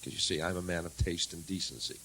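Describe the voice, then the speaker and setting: A man from the United States doing a sardonic stand-up set, swinging from low mutters to loud jabs on a handheld stage mic. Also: quick pace, noisy background. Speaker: stand-up comedian.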